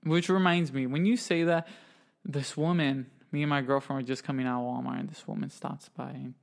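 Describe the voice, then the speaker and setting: A man's voice: mid-range voice, fairly even intonation, a little fast, vocal fry. A young man in casual chat, rambling through an anecdote with lots of "like" and "dude". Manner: rambling and self-conscious, full of "like" and "dude".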